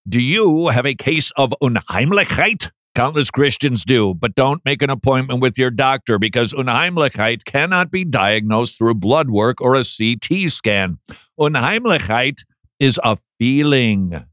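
A man hosting a podcast in casual chat, animated and joking, now and then mocking a flat monotone reading. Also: medium pitch, unhurried, no room sound, clean studio sound. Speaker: podcast host.

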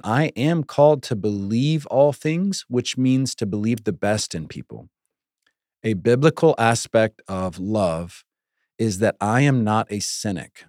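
Low-voiced guy teaching bible stuff on a podcast, chatty and earnest, dry close sound. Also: a little mellow, no echo. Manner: earnest, conversational, jokes and laughs. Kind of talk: casual teaching talk.

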